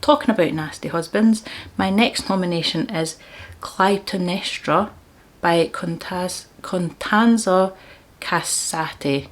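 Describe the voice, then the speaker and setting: A woman's voice: on the low side, slow pace. A woman vlogging about books, chatty and enthusiastic, with frequent laughs. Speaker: book vlogger. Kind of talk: casual book chat.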